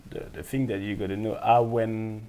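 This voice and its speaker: A man's voice: on the low side, normal speed. A man from France, speaking English with a French accent, telling his story as an interview guest and acting out the people in it. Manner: animated, acts out quoted voices, laughs often. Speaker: guest, former footballer.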